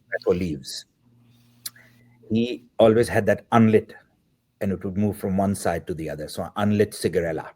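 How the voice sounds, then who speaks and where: A middle-aged man, a podcast guest, telling a story with animated energy and acting out the voices of the people in it. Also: sits low, normal speed, pauses often. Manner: animated, acts out the dialogue of the people in his story. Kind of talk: storytelling in an interview.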